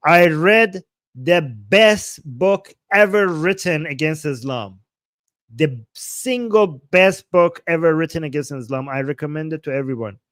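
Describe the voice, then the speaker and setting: A man's voice: fairly high pitch, expressive, a little slow, no echo, clean studio sound. Angry, profane Iranian man on a livestream. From Iran. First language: Persian. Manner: angry, profane, mocking, loud outbursts. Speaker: livestream host reading super chats. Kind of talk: heated livestream commentary.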